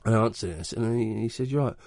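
A man's voice: lowish voice, racing, vocal fry, a little mellow, dry recording, clean studio sound. A man hosting a late-night radio chat show, rambling and jokey, often cutting himself off mid-sentence. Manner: rambling, jokey, self-interrupting.

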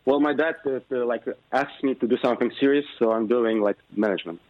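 A man's voice: mid-range voice, quick pace. A young man with a Russian accent calling into a talk show, hesitant and full of fillers as he searches for words. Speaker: caller. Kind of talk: phone-in chat. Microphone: phone. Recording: dull phone line.

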